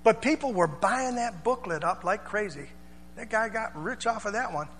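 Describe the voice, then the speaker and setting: A man's voice: high voice, animated, moderate pace, fairly bright tone, in a large hall, slight background noise. A male pastor preaching a sermon in a church, chatty and informal, with asides and call-and-response.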